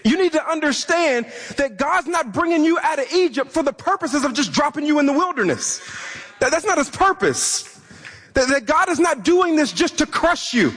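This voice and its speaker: A man's voice: very high voice, animated, normal speed, a bit bright. A man preaching a sermon as a pastor, impassioned and often repeating words as he presses a point.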